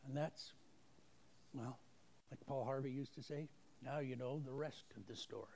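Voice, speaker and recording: A man's voice: medium pitch, normal speed, gravelly, long pauses, a little mellow, slight background noise. A man giving a folksy, self-deprecating testimony at a church service, acting out the voices in his stories. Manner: folksy, self-deprecating storyteller who acts out quoted voices. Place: church service, streamed online.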